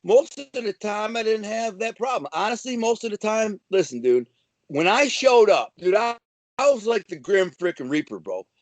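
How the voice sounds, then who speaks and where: Speaking at a normal pace, this guest from Detroit has a notably high voice and shares boastful stories in a relaxed way, punctuated by lively, foul-mouthed asides. The audio is dry and close-miked with no sense of room.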